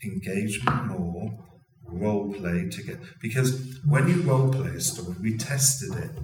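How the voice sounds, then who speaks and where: A man's voice: lowish voice, normal speed, heavy background noise. A man, an educational consultant and storyteller, talking expressively and earnestly as an interview guest. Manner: expressive, earnest, with frequent restarts. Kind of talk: conversational interview. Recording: roomy, distant mic with faint ambience.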